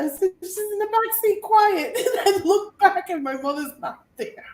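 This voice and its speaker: Animated woman in an echoey room. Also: very high-pitched, unhurried, far from the mic. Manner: animated storyteller, laughs often. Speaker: co-host of a crafting live show. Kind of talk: casual chat.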